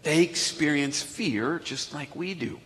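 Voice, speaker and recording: A man preaching a sermon to a congregation, telling the story dramatically and swinging from loud emphasis down to near-whispers. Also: on the high side, measured pace. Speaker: pastor. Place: large church sanctuary. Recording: reverberant church hall.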